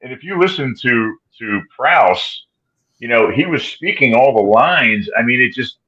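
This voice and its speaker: A man's voice: mid-range voice, lively intonation, a little slow, sharp tone, husky. A man co-hosting a casual chat, musing aloud and hedging his points. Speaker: podcast co-host. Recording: dull lo-fi sound.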